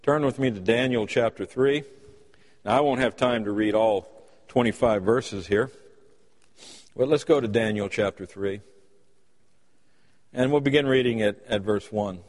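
A man preaches a sermon in a church sanctuary, his voice carrying a long hall reverb. He speaks at a middle pitch and tells folksy stories, acting out the quotes in them. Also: unhurried, long pauses, a little mellow. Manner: folksy storytelling with acted-out quotes.

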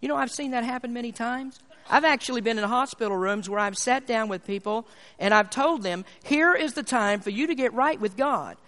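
High-voiced preacher in an echoing hall. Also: male voice, fairly quick, sharp tone. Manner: emphatic preaching with rising, repeated phrases. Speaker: pastor. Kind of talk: sermon. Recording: long reverb of a large hall.

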